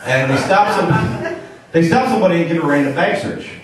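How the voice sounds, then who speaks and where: A man's voice: a little high, animated, fairly quick, crowd noise. A young man doing a stand-up set on a club stage, talking in a loose, rambling way full of "like" and swearing. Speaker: stand-up comedian. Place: comedy club stage, live show. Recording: echoey club taped from far off, audience laughter.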